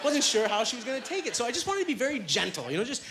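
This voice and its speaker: Rapid-fire and sing-song, this very high-pitched male voice belongs to a Canadian comic in his thirties performing stand-up before a live club audience. He spins chatty, filler-heavy stories at his own expense, while the noisy live recording is full of roaring laughter.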